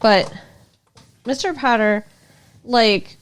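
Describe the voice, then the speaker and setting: A woman's voice: on the high side, extremely slow, clean tone. A woman co-hosting a podcast, recapping a TV episode in casual chat, blunt and indignant, swearing freely. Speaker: podcast co-host.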